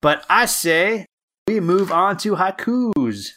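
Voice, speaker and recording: A man's voice: high voice, lively intonation, slow, pushed and bright, soft background music. A man co-hosting a podcast, chatting casually and rambling with lots of fillers and restarts. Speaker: podcast co-host. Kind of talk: casual chat.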